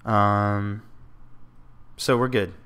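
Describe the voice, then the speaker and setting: A man speaks very slowly in a fairly low, clear, resonant voice, slightly bright and with little pitch movement, as he casually commentates his online card game. He muses over plays and criticizes his own mistakes, muttering and occasionally exploding in frustration.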